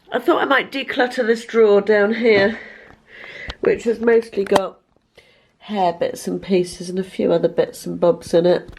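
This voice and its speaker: Woman, 50s, vlogger with a cold; hoarse, gravelly, rambling home chat into a camera mic. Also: medium pitch, a little hiss or hum. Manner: chatty, self-deprecating, rambling. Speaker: lifestyle vlogger. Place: bedroom at home.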